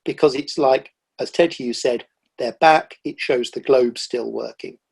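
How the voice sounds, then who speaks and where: A middle-aged man, a guest on a podcast, telling animated stories about the wildlife he sees, with lively quoted asides. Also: medium pitch, unhurried, creaky, slightly rough. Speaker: guest, nature writer. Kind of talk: casual conversational interview.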